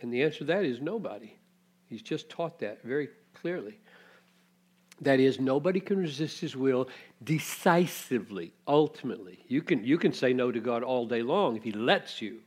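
A man's voice: mid-range voice, lively intonation, normal speed, breathy edge. A man preaching an expository sermon, teaching reflectively and posing rhetorical questions to his listeners.

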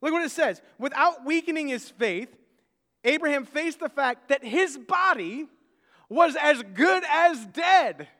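A man's voice: very high-pitched, lively intonation, a little slow, sharp tone. A man in his thirties preaching a sermon, conversational, often repeating words as he starts sentences. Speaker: pastor. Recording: long reverb of a large hall.

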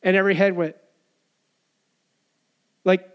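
A man's voice: sits high, normal speed. A man preaching a sermon in a conversational way, asking the listeners rhetorical questions. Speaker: pastor.

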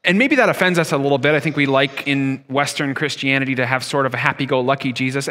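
A man's voice: mid-range voice, quick pace, hardly any pauses, pushed and bright. A man in his thirties preaching a sermon as pastor, talking conversationally and asking his listeners rhetorical questions. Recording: long hall reverb.

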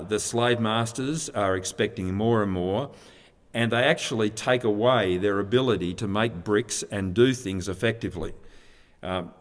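A man preaching a sermon from a handout, earnest and emphatic as he teaches scripture. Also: fairly low pitch. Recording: long reverb of a large hall.

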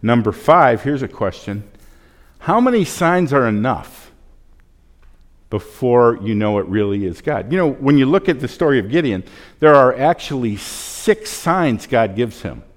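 A man's voice: mid-range voice, very animated, a little slow. A man preaching a sermon as a pastor, conversational with joking asides. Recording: long hall reverb.

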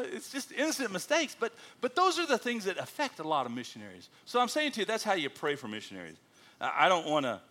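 A middle-aged American missionary speaks to a congregation. His pitch swings widely as he tells his stories. His tone is bright, and he plays the quoted lines for laughs. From United States. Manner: animated storyteller, acting out quotes with a jokey voice. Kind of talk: church talk to a congregation.

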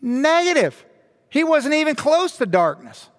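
A male pastor preaching a sermon in an animated way, firing rhetorical questions and repeating words for emphasis. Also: high voice, unhurried. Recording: long hall reverb.

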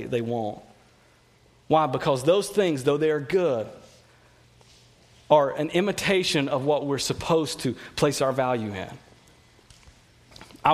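A man preaching a sermon, telling personal stories in a conversational way and often repeating words. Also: a little high.

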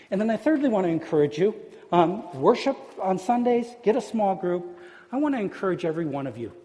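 A man preaching a sermon as pastor, earnest and emphatic, dropping to hushed tones at key points. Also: sits high. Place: church sanctuary. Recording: long hall reverb.

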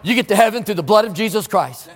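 High-pitched preacher guy, emphatic, gets loud then hushed, church echo. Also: animated, fast. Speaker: pastor. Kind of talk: sermon. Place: church sanctuary.

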